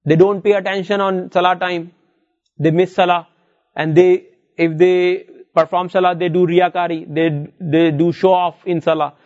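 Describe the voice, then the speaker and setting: High-voiced man teaching Arabic. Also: little pitch movement, moderate pace, a little mellow, dull audio. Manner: explains step by step, repeats words, reads Arabic verses aloud. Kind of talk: classroom lesson.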